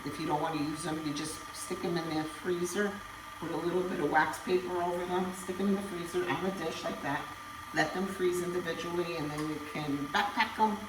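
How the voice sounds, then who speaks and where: A middle-aged woman hosting a casual home cooking demonstration, chatty and joking as she talks straight to her viewers. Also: fairly low pitch. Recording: roomy, distant from the mic, faint hum.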